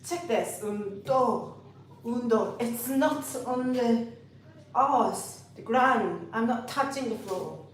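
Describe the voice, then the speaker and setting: Slow-talking woman teaching flamenco in an echoey studio. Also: on the high side, lively intonation. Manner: slow, patient, sings out counts and rhythm syllables. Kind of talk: dance lesson with counting and rhythm syllables. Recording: echoey room, mic far off, faint noise.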